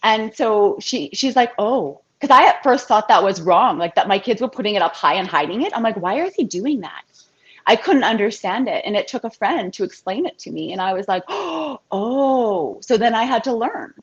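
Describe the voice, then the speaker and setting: A woman's voice: mid-range voice, fairly quick. A woman in her thirties, an interview guest telling a personal story in a heartfelt, chatty way. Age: 30s. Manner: heartfelt, chatty, quotes others in lively voices. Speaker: interview guest, financial advisor. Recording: dull lo-fi sound.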